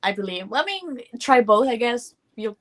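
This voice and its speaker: A woman, a former news reporter, guesting on a talk show over a video call, light and friendly and quick to laugh. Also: fairly high pitch, very animated.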